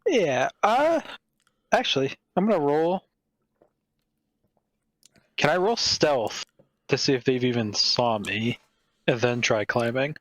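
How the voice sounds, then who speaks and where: Slow-talking man player, dry mic. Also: mid-range voice, lively intonation, a bit bright, dry recording. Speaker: tabletop game player. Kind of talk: casual game chat.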